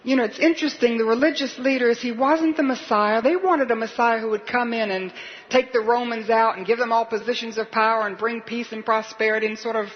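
A woman's voice: fairly high pitch, steady tone, a little fast, muffled recording. A woman preacher delivering a sermon in an earnest, questioning, urgent manner.

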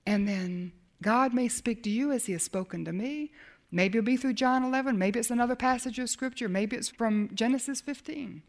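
A woman preaching a sermon as a Bible teacher, dramatic, swinging from emphatic lines to hushed ones. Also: on the high side, normal speed.

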